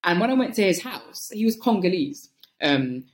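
A woman from England with a London accent speaks in a lowish, sing-song voice at normal speed, and the sound is reverberant. She's a podcast guest in a casual interview chat, talking thoughtfully and often restarting her sentences as she thinks aloud.

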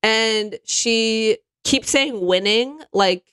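A woman's voice: a little high, drawn-out words, fairly bright tone, clear, resonant tone, dry recording. A woman chatting casually as a podcast co-host, sarcastic, acting out the people she quotes in mocking voices. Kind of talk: casual comedic chat.

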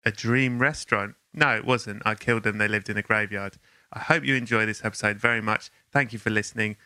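A man hosting a comedy podcast, talking with deadpan, mock-grandiose delivery into a close studio mic. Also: lowish voice, a little fast, dry recording. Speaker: podcast host. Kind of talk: comic podcast chat.

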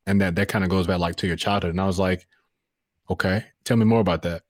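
Deep-voiced earnest man in his thirties. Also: steady tone, fast talker, no room sound, studio quality. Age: 30s. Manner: reflective, earnest, with many fillers and restarts. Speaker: voiceover artist and podcast guest. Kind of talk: casual podcast conversation.

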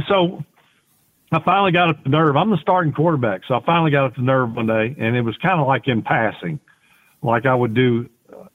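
Speaking at a normal speed in a mid-range voice, a man who used to play quarterback shares loose, homespun anecdotes as a podcast guest, frequently starting over mid-thought. It's casual interview storytelling captured with thin, phone-like sound.

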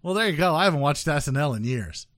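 A man's voice: fairly high pitch, expressive, fast talker, fairly bright tone, no echo, studio quality. Rambling joking male podcast host. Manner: joking, rambling, trails off with fillers. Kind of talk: casual news chat.

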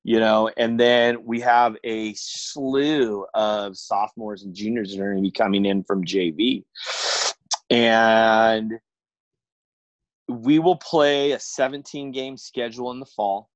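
Frank middle-aged baseball coach on a call. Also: male voice, on the low side, fairly even intonation, slow, dry recording, dull audio. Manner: frank, chatty, many fillers. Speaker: high school baseball coach, guest. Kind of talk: casual interview chat. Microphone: video call with earbuds.

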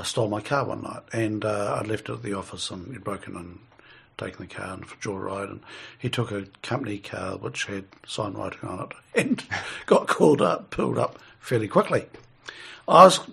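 A man's voice: fairly low pitch, creaky, husky. A middle-aged man, telling a rambling story in casual conversation and chuckling as he goes.

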